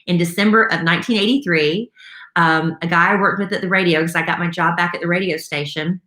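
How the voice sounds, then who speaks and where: A fairly low-pitched, steady voice comes across brisk, bright and forceful. The speaker is a South Carolina radio host in her 50s casually chatting on a live stream and telling her story with many fillers. It's recorded with roomy echo in a home room.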